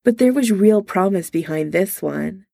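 A woman reads a story in a slow, unhurried way, and her voice is low, mellow and full of gravelly fry. The recording is dry and close. She stays soft and intimate, with only light changes of voice for the characters. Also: expressive, no room sound. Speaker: reader. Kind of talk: audiobook-style story reading.

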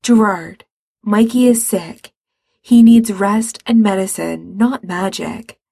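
A woman's voice: mid-range voice, slow pace, vocal fry, dark tone, slightly rough, dry recording, clean studio sound, heavily acted. A woman voicing a weary, practical young man who sounds patient but exasperated.

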